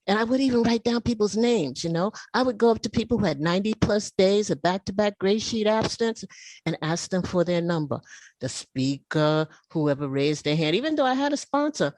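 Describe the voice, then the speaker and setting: Lively woman in her seventies. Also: on the low side, dry recording. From United States. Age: 70s. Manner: animated, emotional storytelling. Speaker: meeting speaker. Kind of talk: personal recovery share. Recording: video call audio.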